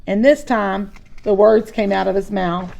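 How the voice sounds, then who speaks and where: Slow, gravelly woman reading a chapter book. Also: medium pitch, darkish tone. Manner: chatty asides between story passages.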